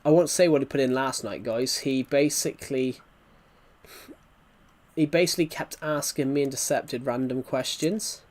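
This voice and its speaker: A man's voice: medium pitch, normal speed, darkish tone. Rambling man telling a story. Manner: rambling storytelling, many restarts. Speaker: gaming streamer. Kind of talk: casual chat while gaming.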